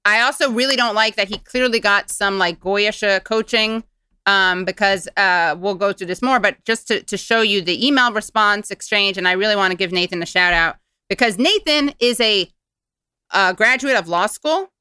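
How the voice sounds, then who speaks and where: A woman host talks in an animated, sardonic way, asking questions as she goes. Her low, bright voice sounds crisp. The sound is dry and close. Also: normal speed, no echo. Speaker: podcast host. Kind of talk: casual chat and reading aloud.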